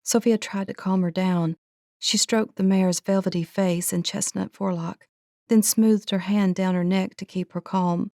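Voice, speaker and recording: A woman narrating an audiobook in a measured, earnest storytelling manner. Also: mid-range voice, steady tone, creaky, darkish tone, no room sound, studio quality.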